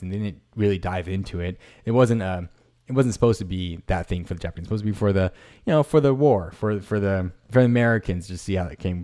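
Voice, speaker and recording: Rambling, halting podcast host man. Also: fairly low pitch, darkish tone. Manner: rambling, halting, with frequent restarts and fillers; self-deprecating, laughs at himself. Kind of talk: casual solo podcast talk. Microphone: streamed podcast mic.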